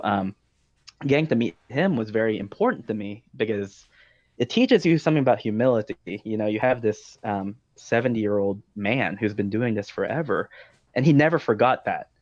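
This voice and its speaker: A man's voice: on the low side, a little mellow, dry recording. A man hosting a podcast, telling long stories in a casual, talkative way with frequent ums and likes. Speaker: podcast host. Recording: dull dry lo-fi sound.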